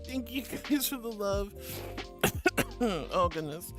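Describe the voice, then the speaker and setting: A woman's voice: mid-range voice, lively intonation, slow. Woman streamer, giggly, bubbly, casual chat, music behind. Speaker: VTuber streamer. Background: background music.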